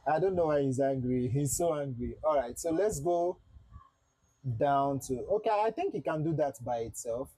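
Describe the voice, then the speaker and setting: A man livestreams a flight simulator and chats with his viewers in a loose, repetitive way. His voice sits a little high and has a husky grain. The sound is close and dry, like a desk mic in a small room. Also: animated, normal speed, mellow, dry recording, poor audio. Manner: chatty, repeats himself, talks to chat. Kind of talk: casual livestream commentary.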